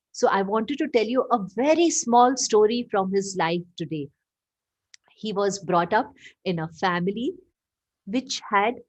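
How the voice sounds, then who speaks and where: A woman tells a story for children in an expressive, questioning style. She speaks slowly and deliberately at a middle pitch. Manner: expressive, asks the listeners questions.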